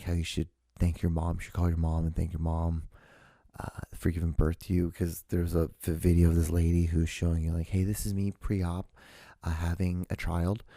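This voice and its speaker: A man's voice: low voice, gravelly, dark tone, no echo, clean studio sound. A young man hosting a solo podcast, rambling casually and swearing a lot between fillers. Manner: rambling and profane, full of fillers. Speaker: podcast host.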